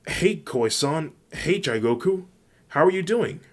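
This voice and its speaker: An eager, cheerful teenage heroine from a fan-made anime story, as a man puts her on. Her voice climbs well above his usual low register. She sounds excited and full of gratitude. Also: a little slow. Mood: bubbly. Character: cheerful teenage girl hero.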